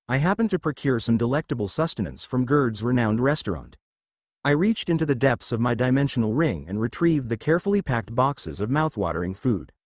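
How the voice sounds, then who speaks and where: A man reads a fan fiction story aloud with steady, lively storytelling, his pitch moving up and down a lot. The recording is dry and close, with no room sound. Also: no room sound. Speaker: narrator.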